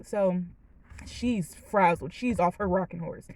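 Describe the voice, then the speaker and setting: A woman's voice: on the low side, slow, darkish tone, no echo, rough recording. A woman in her late twenties, a vlogger telling a personal story in a candid, chatty and emotional way, with many fillers, from a parked car. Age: late 20s.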